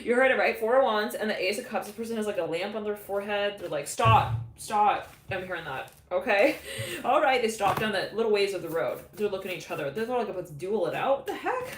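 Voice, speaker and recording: A woman's voice: mid-range voice, lively intonation, quick pace. A woman talks through a live tarot reading in a loose, rambling way. She restarts her phrases and often breaks into laughter. Her voice carries a roomy echo, with faint background noise. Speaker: tarot reader.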